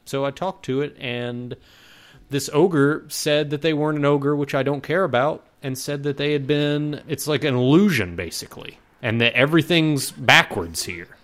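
A man's voice: fairly high pitch, normal speed. Easygoing man chatting with fillers. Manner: relaxed, hesitant with many fillers. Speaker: podcast co-host. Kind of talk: casual chat.

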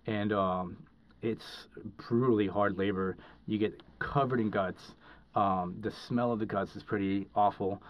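Low-voiced man telling a rambling story. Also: steady tone, measured pace. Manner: rambling, heavy with fillers and restarts. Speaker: podcast guest. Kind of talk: casual storytelling. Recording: dull lo-fi recording.

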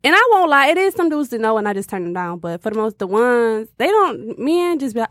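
A woman's voice: on the high side, big pitch swings, fairly quick, few pauses, fairly bright tone, dry recording, studio quality. A woman co-hosting a casual podcast chat, speaking frankly and firmly about her opinions. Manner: frank and matter-of-fact, firm opinions. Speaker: co-host.

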